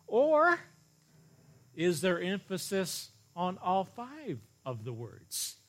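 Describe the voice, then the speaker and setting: A man's voice: sits high, takes it slowly. A male pastor preaching a sermon to a live congregation, stressing single words hard and addressing the room directly. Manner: animated, leaning hard on single words for emphasis; speaks directly to the congregation with light laughs. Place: church service before a congregation.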